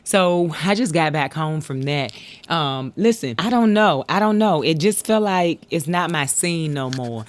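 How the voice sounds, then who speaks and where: A woman's voice: deep voice, lively intonation, unhurried. Chatty middle-aged woman vlogger. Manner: chatty, laughs often, addresses viewers as y'all. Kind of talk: casual late-night vlog chat. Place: home at night. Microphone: handheld pocket camera.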